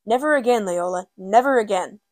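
A woman's voice: medium pitch, expressive, a little fast, darkish tone, no room sound, lightly acted. A woman reading as a weary, grieving aunt. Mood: distressed.

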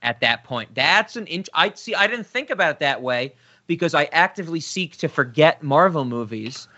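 A man co-hosting a podcast, chatting casually about films and getting animated when he rants. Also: fairly high pitch, moderate pace, muffled recording. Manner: animated, gets loud and excited when ranting. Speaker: podcast co-host. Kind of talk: casual film discussion.

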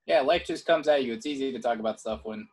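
A young man in easy podcast chat who wanders through his stories, restarting his sentences and laughing along the way. His voice sits at an ordinary middle pitch. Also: fast, slightly rough. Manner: rambling, many fillers and restarts, laughs often. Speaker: podcast co-host. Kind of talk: casual chat.

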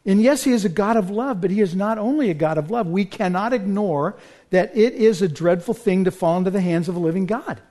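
High-voiced man preaching a sermon. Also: fairly quick, warm tone. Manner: earnest preaching, rising to urgent appeals. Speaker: pastor.

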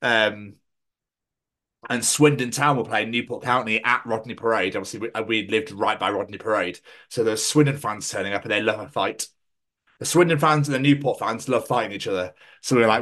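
A man's voice: lowish voice, fast. Sweary man telling stories. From Scotland. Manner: sweary, animated storytelling. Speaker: podcast host. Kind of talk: casual podcast chat.

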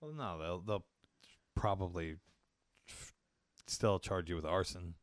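A man's voice: sits low, unhurried, no room sound, clean studio sound. A young man co-hosting a podcast, chatting casually and crudely, joking and swearing freely. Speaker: podcast co-host. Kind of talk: casual chat reacting to videos.

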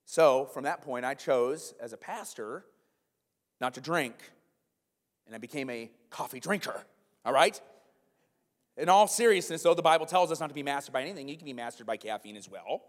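A male pastor preaching a conversational sermon to his congregation, animated, with frequent asides to the room. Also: medium pitch, normal speed, pauses often. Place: church hall, live congregation. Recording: long hall reverb.

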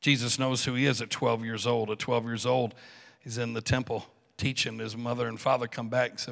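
A man preaching a sermon in a church with animated delivery, acting out biblical figures with joking asides. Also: mid-range voice, normal speed, creaky. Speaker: pastor. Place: church sanctuary. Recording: reverberant church hall.

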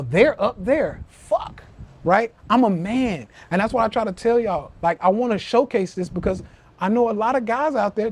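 A man's voice: sits high, dry recording. A young man hosting a live-stream motivational rant, profane and preachy, calling his listeners family. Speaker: podcast host. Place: live social media stream.

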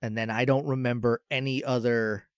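A young man chatting casually about movies, rambling with fillers and quick laughs. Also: mid-range voice, flat delivery, clean tone, dry recording, clean studio sound. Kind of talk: casual chat.

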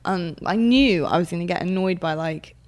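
A woman's voice: fairly low pitch, moderate pace. A woman co-hosts a podcast. She tells stories with lots of animation, laughs often and acts out what she said back then. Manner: animated storyteller, laughs often, acts out her own past lines. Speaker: podcast co-host. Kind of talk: casual chat.

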